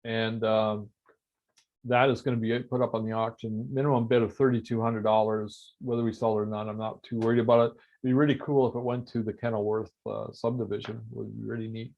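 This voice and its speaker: A man's voice: on the low side, level tone, brisk, creaky. Rambling, joking man on dull audio. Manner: rambling, joking, laughs often. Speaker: artist selling his prints. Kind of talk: casual livestream sales talk.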